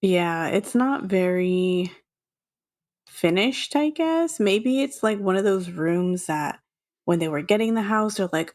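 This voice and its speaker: A woman's voice: mid-range voice, lively intonation, slow, a little mellow. Chatty woman with a mild Texan accent. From Texas. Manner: chatty, laughs often, acts out lines. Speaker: podcast co-host. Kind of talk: casual chat.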